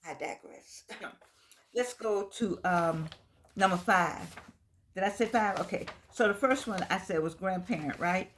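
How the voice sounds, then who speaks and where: A woman's voice: mid-range voice, unhurried, a little hiss or hum. Chatty older Southern woman vlogger. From United States. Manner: chatty, folksy, digressing, with laughs. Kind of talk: casual talk to camera.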